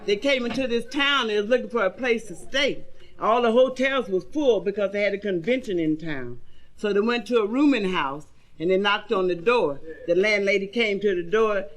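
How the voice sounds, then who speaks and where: On a 1970s comedy record, a female stand-up delivers raunchy jokes, drawling through her stories and squealing whenever she plays the characters. Her voice sits at a medium pitch and moves at a moderate pace.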